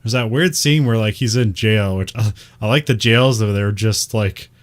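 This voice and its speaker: A man's voice: fairly low pitch, moderate pace. A man co-hosting a casual podcast, rambling through a movie chat with lots of fillers and frequent laughs. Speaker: podcast co-host.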